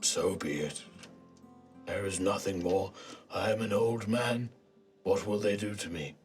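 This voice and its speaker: A defeated old scholar villain, as a man puts him on, hushed and brooding, his words sinking low and falling almost to a whisper. Faint music plays underneath. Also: a little slow, lightly acted. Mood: bitter, defeated.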